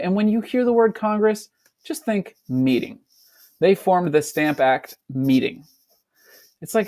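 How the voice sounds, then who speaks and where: A man teaching a fourth-grade class, reading a passage aloud and explaining it, slipping into quick playful voices for the people in it. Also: fairly high pitch, darkish tone. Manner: breaks into quick, playful voices for kids and colonists.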